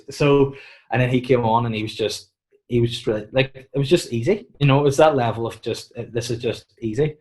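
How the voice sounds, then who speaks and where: A man with a Northern Irish accent, a comedian guest chatting casually on a podcast, acting out quotes and giving deadpan mock warnings. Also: mid-range voice, a little fast. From Northern Ireland.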